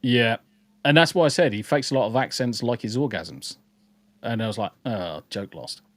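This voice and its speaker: A man's voice: mid-range voice, fairly quick, a bit bright, no echo. A man from the English Midlands with a mixed English accent, partly southern, co-hosting a podcast in casual chat, reading comments with rambling jokes. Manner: rambling, jokey, repeats words. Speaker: podcast co-host.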